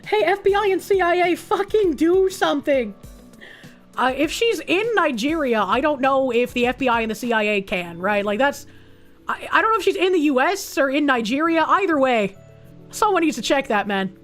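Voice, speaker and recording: A woman's voice: high voice, lively intonation, normal speed, soft background music. A woman live streamer chatting casually with her viewers, blunt and profane, reacting to things with disbelief.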